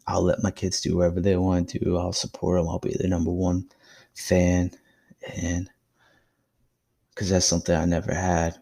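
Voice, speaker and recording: Deep gravelly young man podcasting. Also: dark tone. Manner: storytelling, reflective and encouraging. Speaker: podcast host. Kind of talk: casual solo podcast monologue.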